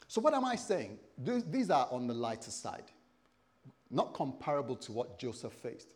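Animated preacher man in his fifties. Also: medium pitch, moderate pace. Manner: animated storytelling, acting out quoted voices. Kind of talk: sermon.

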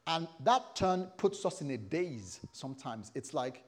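A man's voice: a little high, sing-song, measured pace, hardly any pauses. A man in his fifties preaching a sermon, telling stories with animation and acting out the voices of people he quotes.

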